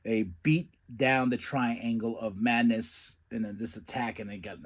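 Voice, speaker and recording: Guy hosting a podcast, rambling wrestling recap, gets all excited, laughs a lot, middle pitch. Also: unhurried. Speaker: podcast host.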